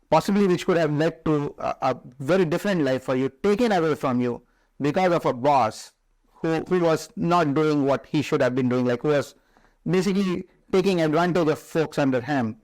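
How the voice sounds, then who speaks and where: A man hosting a podcast, asking sympathetic, probing questions with frequent "uh" pauses. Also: fairly high pitch, a little mellow, no room sound, low-quality recording. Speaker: podcast host. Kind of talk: interview questions.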